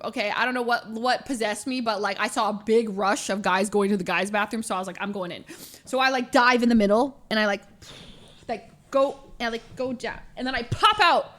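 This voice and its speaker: A young woman streamer telling a story casually, animated, laughing often and full of fillers. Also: a little high.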